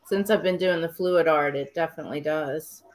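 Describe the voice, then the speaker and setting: Lower-voiced woman guest agreeing along. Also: normal speed. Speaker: panel guest. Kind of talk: casual livestream chat.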